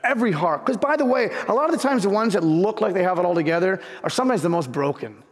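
A man's voice: high voice, animated, quick pace, in a large hall. A man preaching a sermon as pastor, telling a personal story earnestly and building to fervent emphasis.

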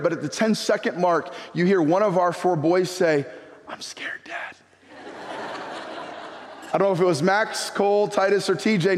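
A middle-aged man preaching a sermon and telling a personal story in an animated way, often repeating his words. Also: sits high, long reverb tail. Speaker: pastor. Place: church sanctuary.

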